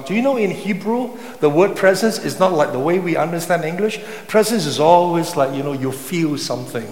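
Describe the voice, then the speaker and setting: A man preaching a sermon with passion, sometimes rising to loud cries. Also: fairly high pitch, animated, fairly quick, hardly any pauses. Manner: impassioned, rising to shouts when voicing psalm cries. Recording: echoey hall with long reverb.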